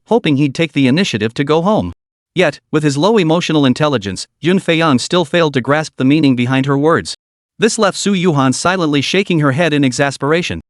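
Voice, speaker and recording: A man narrating a story recap in a steady, even scripted delivery. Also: a little high, dry recording, studio quality.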